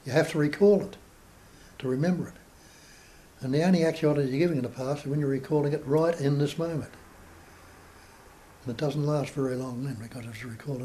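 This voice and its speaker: Mellow-voiced man teaching calmly. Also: mid-range voice, slight background noise, poor audio. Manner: measured, explanatory, rhetorical questions. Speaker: spiritual teacher. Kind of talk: talk to a small group.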